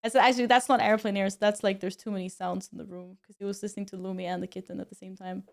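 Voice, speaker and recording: A woman's voice: medium pitch, flat delivery, fast talker, gravelly. A young woman streamer chatting casually with her viewers, laughing often and exclaiming as she comments on her cats.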